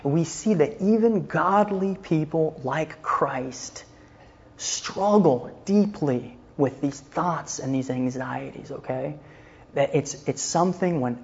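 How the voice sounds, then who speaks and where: A man teaching a Christian counseling class in a relaxed, conversational way. He often checks in with his listeners and retells scripture scenes in everyday speech. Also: medium pitch, vocal fry, dull audio.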